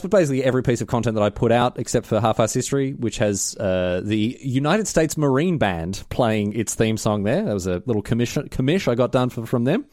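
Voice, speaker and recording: A man co-hosting a podcast in casual chat, teasing his co-host with quick asides. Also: medium pitch, darkish tone, no room sound, studio quality.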